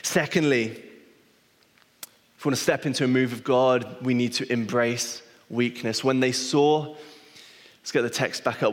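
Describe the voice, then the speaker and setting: A man preaches in a church hall, and long reverb trails after every phrase. He is a pastor, and his sermon runs chatty and self-deprecating, full of small restarts as he tells stories. His voice sits at an ordinary middle pitch for a man.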